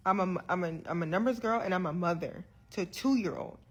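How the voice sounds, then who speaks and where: In a direct-to-camera vlog about her health, a young woman sounds earnest yet frustrated, often starting sentences over and repeating words. Her fairly low, breathy voice moves a little fast.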